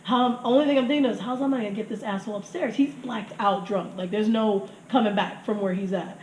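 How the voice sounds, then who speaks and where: A woman's voice: medium pitch, brisk. A woman in her thirties telling crude stories in casual chat, laughing often and acting out what people said. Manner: crude, laughing, animated storytelling with acted quotes. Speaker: podcast guest telling stories. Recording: echoey room with faint noise.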